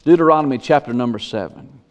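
A male pastor preaching a sermon, reading scripture slowly and building to emphatic, rising questions. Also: mid-range voice.

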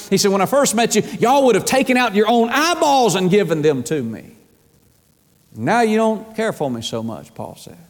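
A man preaches from the pulpit in a folksy, emphatic way, his voice sitting high for a man. He swings between quiet asides and stronger declarations. The sound rings with a long hall reverb from the church. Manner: folksy, emphatic preaching with rising and falling intensity. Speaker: pastor. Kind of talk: sermon. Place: church sanctuary.

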